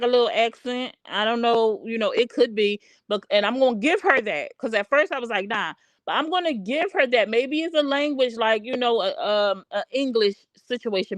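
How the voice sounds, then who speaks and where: A woman's voice: a little high, no room sound. A woman hosting a casual drama commentary livestream, talking bluntly and with animation, and repeating her points as she calls someone out. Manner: blunt, animated calling-out with repetition. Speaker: livestream host. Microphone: streaming microphone.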